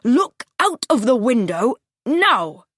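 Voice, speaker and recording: Woman doing a stern rich man, commanding, barking orders, slow storybook voice. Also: on the high side, very animated, fairly bright tone, no echo, voice pushed up, exaggerated voice.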